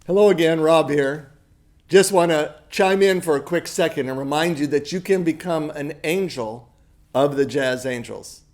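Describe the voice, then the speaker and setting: A man's voice: a little high, moderate pace. Upbeat man hosting a fundraiser. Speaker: fundraiser host. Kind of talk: scripted appeal for donations.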